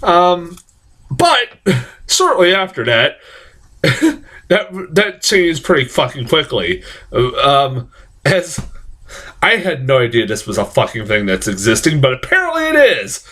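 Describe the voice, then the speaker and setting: A man's voice: a little high, sing-song, a little slow, bright, forceful tone. Profane ranting man reviewing films. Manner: profane, heated, laughing rants with frequent fillers. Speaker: film reviewer. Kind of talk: casual ranting film review.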